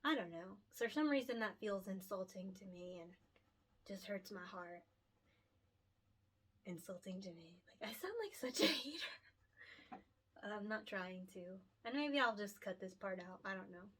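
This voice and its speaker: A woman's voice: mid-range voice, moderate pace, a bit bright. A young woman chats alone about making picture books, her voice in an ordinary middle range. She talks loosely, with lots of "like" and "you know", and turns tender and earnest as she speaks. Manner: heartfelt and emotional, lots of fillers, laughs often. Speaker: picture book author and illustrator. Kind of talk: casual solo chat to camera.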